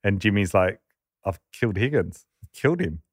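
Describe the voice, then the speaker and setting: A man's voice: on the low side, lively intonation, moderate pace, husky, no echo, studio quality. An Australian man telling a rowdy anecdote in casual chat, laughing often and acting out the voices of the people in it. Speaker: podcast storyteller.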